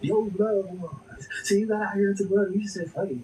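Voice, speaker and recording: A man with a raised, fairly high voice rambles through a preachy, profane talk aimed at his viewers. He sounds set back from the mic, and a TV and room noise carry clearly behind him in his home craft room. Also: steady tone, racing, far from the mic. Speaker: livestream show host. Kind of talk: rambling livestream monologue.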